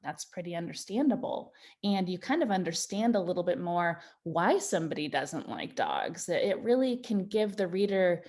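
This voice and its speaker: A patient, encouraging woman leads a children's writing lesson at a medium pitch. She speaks gently and slows down to stretch out each example sentence for young listeners. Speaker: Montessori teacher.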